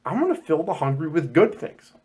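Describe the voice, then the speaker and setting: A man co-hosting a casual church podcast, jokey and animated, often slipping into comic voices. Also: on the high side, brisk, breathy edge. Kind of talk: casual chat.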